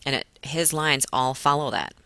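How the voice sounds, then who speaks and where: Bright-voiced woman teacher giving notes. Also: very deep voice, animated, moderate pace, clear, resonant tone, dry recording. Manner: patient explaining, stretches words to show stress. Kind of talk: classroom lecture on poetry.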